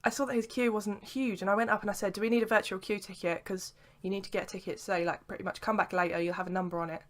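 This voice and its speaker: Her voice is medium-pitched and fairly even in intonation as this young vlogger rattles on fast in a casual chat to camera. She rambles freely, leaning heavily on "sort of" and "like."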